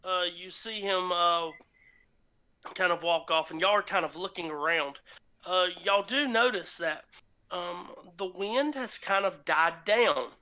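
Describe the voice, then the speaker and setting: Man as game master, slow unhurried narration, bright tone, lots of ums. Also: high voice. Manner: slow, halting, many ums and uhs.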